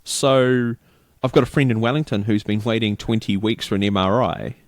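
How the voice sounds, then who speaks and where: A man's voice: on the low side, moderate pace, no room sound, studio quality. A middle-aged New Zealand man chatting casually as a podcast co-host, rambling through a story and acting out the people in it. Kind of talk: casual chat.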